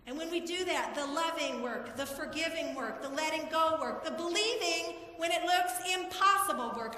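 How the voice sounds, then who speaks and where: Speaking to her congregation from the church sanctuary, a pastor in her forties tells personal stories in an emotional sermon. Her voice sits high with a bright, forceful tone, echoing through the hall.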